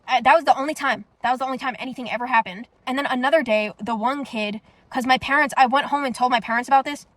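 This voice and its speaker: A woman's voice: high voice, quick pace, few pauses, a bit bright, dry recording. A young woman from the United States telling a story in a casual monologue, blunt and profane. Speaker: vlogger.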